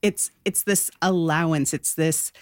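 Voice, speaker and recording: A woman sports journalist talking as an interview guest, telling stories with emphatic, animated delivery. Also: low-pitched, a little slow, no room sound, studio quality. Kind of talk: conversational interview.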